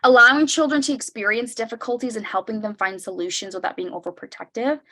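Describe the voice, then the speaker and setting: A young adult woman giving a parenting workshop over a video call. She talks conversationally, keeps asking "right?", and acts out parent lines in a brighter voice. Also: on the high side, steady tone, quick pace. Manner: conversational, tags sentences with "right?". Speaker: workshop presenter. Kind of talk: online parenting workshop talk.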